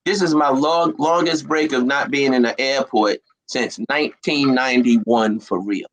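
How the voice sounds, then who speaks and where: A middle-aged man from New Jersey, an animated storyteller in casual chat who laughs often. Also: medium pitch, measured pace, rough recording. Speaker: guest.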